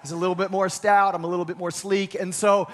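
A man preaching a sermon, retelling a scripture story with lively acted-out quotes and frequent restarts. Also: high-pitched, quick pace. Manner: animated storytelling, acts out quoted voices, many restarts.

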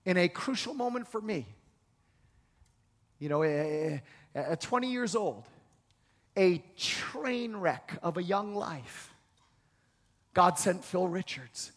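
A man's voice: high voice, expressive, moderate pace. A man preaching a sermon with a dramatic, emphatic delivery, acting out conversations and building to repeated phrases. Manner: dramatic, acts out dialogue, builds to emphatic repetition. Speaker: pastor. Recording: hall reverb.

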